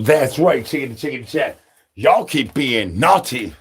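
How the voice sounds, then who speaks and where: A man's voice: medium pitch, lively intonation, moderate pace, husky. A man doing a crude, absurd comedy monologue, rattling off rhyming nonsense and repeated catchphrases and calling for brains like a zombie. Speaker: comedy streamer.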